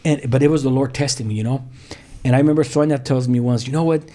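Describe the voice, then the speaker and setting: A man's voice: medium pitch, fairly even intonation, fast talker, mellow. A middle-aged man from South Central Los Angeles speaks as a pastor sharing his testimony on a podcast. He tells the story in an easygoing, conversational way, often saying "you know". He acts out the back-and-forth of what people said. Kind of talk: personal testimony in a podcast interview.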